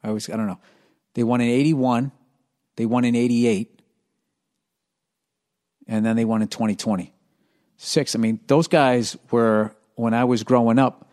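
A man hosting a podcast with a hoarse, strained voice, talking in a low-energy, self-mocking casual ramble full of swearing. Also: steady tone, unhurried, pauses often, darkish tone. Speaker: podcast host.

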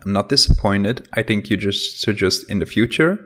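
A quirky, gentle superhero with a low voice, as a man puts him on in a tabletop game. He speaks in a quizzical way and mumbles things under his breath. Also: lively intonation, normal speed. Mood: earnest. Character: odd, gentle male hero who keeps a talking plant.

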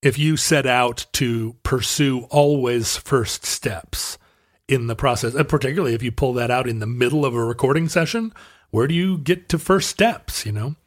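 A man's voice: mid-range voice, normal speed. A man co-hosting a podcast, explaining things casually with lots of fillers and restarts. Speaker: podcast co-host. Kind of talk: casual chat.

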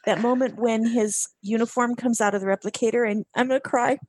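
Woman co-host, a bit high, dry close sound, emotional and gushing. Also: steady tone, brisk, darkish tone, dry recording. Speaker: podcast co-host. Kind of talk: casual chat.

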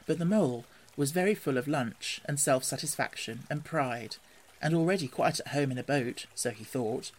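A man reading a classic storybook aloud in an expressive, gently animated way. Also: mid-range voice, moderate pace, slight background noise. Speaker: narrator.

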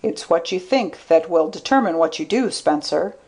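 A woman voicing a shrewd, thoughtful man who speaks in a calm, measured way. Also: lowish voice, slightly rough.

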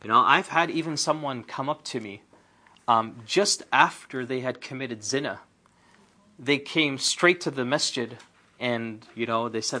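Lively man teaching a Quran class. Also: medium pitch, unhurried. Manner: lively, asks rhetorical questions, chatty asides. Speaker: Islamic teacher. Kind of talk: conversational Quran class lecture. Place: indoor class.

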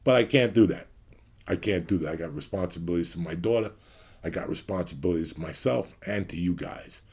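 A man's voice: deep voice, a little fast, vocal fry, a little mellow, husky. A man in his fifties from the New York area, hosting his show with a blunt, profane rant to his audience. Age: 50s. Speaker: podcast host.

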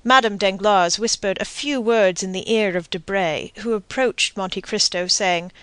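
A woman narrating a classic novel as an audiobook in a measured, even reading. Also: medium pitch, smooth, dry recording. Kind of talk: scripted narration.

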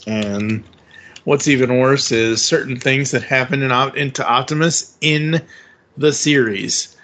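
A man's voice: mid-range voice, fairly bright tone. A man hosting a podcast, chatting casually and enthusiastically, rambling with restarts. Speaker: podcast host. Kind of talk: casual fan chat.

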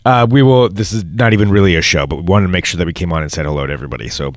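A man's voice: low-pitched, racing, no echo, studio quality. A man co-hosting a radio show, chatting casually in playful, goofy banter. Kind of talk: casual chat.

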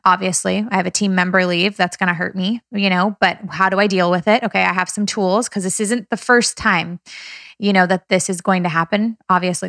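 Young woman, business coach vlogger, candid and emotional, casual with fillers, dry sound, mid pitch. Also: vocal fry, fairly bright tone, dry recording. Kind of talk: casual personal vlog.

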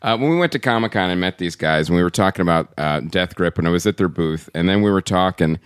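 Deep-voiced teasing Philadelphia man. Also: expressive, fast talker, smooth, no room sound, clean studio sound. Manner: teasing, chatty. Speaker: podcast co-host. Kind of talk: casual chat.

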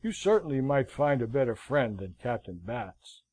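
A man voicing a stern, blunt middle-aged army colonel in an audiobook, speaking curtly and gravely. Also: mid-range voice, sing-song, moderate pace, darkish tone, no room sound. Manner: curt, grave, frank.

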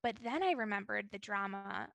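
Bright, rambling woman podcast host. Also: medium pitch, expressive, normal speed, gravelly, no room sound. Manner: rambling, filler-heavy. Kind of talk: casual chat.

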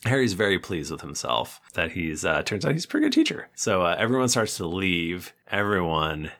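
A man hosting a podcast, casually retelling a story with playful asides and quick character bits. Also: sits low, wildly swooping pitch, a bit bright. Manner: laughs often, playful asides, acts out characters briefly. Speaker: podcast host recapping a book. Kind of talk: casual chat, storytelling recap.

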